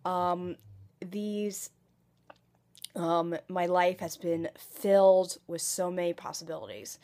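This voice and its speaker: A woman with a cold talking straight to camera in a casual vlog. Her voice sits a little low, and she moves slowly, stalling on ums and likes and restarting her sentences again and again. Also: dark tone. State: has a cold. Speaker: vlogger and aspiring comic actress. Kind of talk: casual home vlog monologue.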